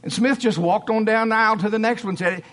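High-voiced preacher storytelling. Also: male voice, quick pace. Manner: animated storytelling, acting out quotes. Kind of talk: sermon.

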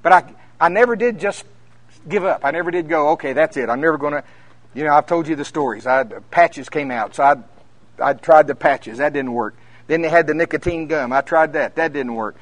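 A minister preaching at a conference, telling folksy stories that climb to emphatic peaks. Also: male voice, fairly high pitch, normal speed, no echo. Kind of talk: conference sermon.

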